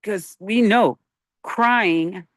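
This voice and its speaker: Slow, halting spiritual talk host. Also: mid-range voice, no room sound. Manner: halting, searching for words, rhetorical questions. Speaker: broadcast host. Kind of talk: unscripted spiritual talk on peacemaking.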